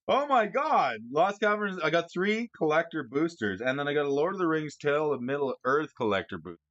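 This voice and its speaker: Excitable man with a lively, bouncing voice. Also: medium pitch, no room sound, muffled recording. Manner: excitable, stammering restarts, frequent laughter. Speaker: streamer discussing card prices. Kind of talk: casual live-stream chat.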